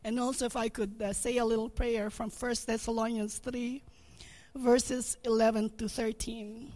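A woman's voice: on the high side, flat delivery, warm tone. A woman giving earnest farewell words at a church gathering and reading a prayer aloud. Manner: slow, earnest, reads scripture. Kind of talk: farewell speech and read prayer.

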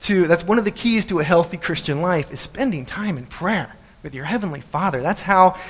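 A man preaching a sermon, telling the story in an animated way and repeating phrases for emphasis. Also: a little high. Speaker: pastor. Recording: echoey hall.

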